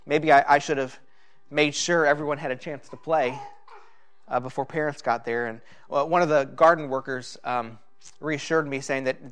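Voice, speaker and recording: Halting, reflective male pastor. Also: medium pitch. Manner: halting, reflective, with many fillers. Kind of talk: personal sermon.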